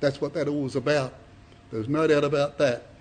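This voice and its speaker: A man's voice: on the high side, steady tone, normal speed. A man preaching a Bible study to a congregation, reading scripture dramatically and asking rhetorical questions.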